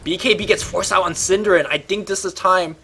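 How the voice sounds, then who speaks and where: Male esports caster, high and sharp-toned, rapid excitable play-by-play. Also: gravelly, a little hiss or hum. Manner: rapid, excitable, rising to shouts in fights. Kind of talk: live play-by-play game commentary.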